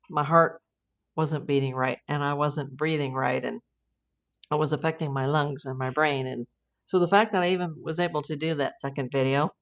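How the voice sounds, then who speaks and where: Middle-aged american woman chatting on her livestream, kinda low voice, rambly w lots of ums. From United States. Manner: chatty, rambling, many fillers and restarts. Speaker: private investigator livestream host. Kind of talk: casual livestream chat reading viewer comments.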